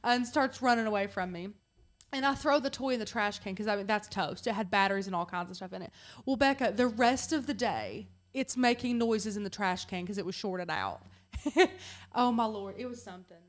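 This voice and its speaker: A woman's voice: medium pitch, fairly quick. A woman co-hosting a casual chat, reading viewer questions aloud and answering them in an easygoing way. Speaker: co-host.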